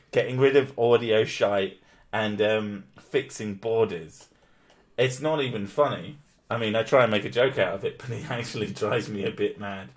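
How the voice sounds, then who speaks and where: Swearing, mocking man streaming. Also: on the low side. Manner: swearing, mocking, laughing often. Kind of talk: casual chat, reading an article aloud.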